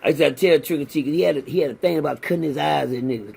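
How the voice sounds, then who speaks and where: Gravelly, high-voiced streetwise storyteller man. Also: racing, a little mellow. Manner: blunt and streetwise, acts out the other men's lines. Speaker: former inmate telling prison stories. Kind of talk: profane storytelling in casual chat.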